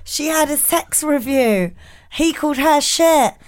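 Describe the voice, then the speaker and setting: A woman's voice: high-pitched, expressive, measured pace. A woman co-hosting a podcast, chatting in a bawdy, playful way and reading messages aloud. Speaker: podcast co-host. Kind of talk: casual comedic chat.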